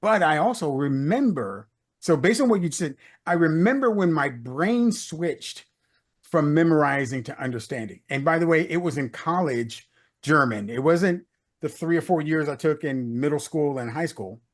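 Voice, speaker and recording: A middle-aged American leadership consultant, a guest telling a personal story in a casual interview, with many "uh"s and "you know"s. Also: male voice, on the high side, expressive, moderate pace. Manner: anecdotal, repeats words, many "uh" and "you know".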